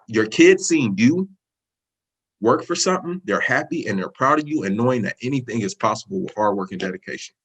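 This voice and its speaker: A man's voice: mid-range voice, expressive, brisk, slightly rough, rough recording. A man in his thirties, a course student, earnestly telling his success story in a casual video-call interview, emotional and rambling. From California. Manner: earnest, emotional, talks in loose run-on phrases.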